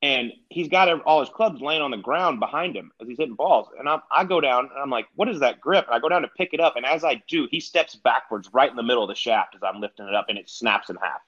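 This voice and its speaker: A middle-aged man tells stories quickly and easily, laughing as he goes, like a guest on a casual podcast. His audio sounds slightly dull and muffled. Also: medium pitch, animated, fairly bright tone. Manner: laid-back, chatty, laughs through his stories. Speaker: retired golfer guest.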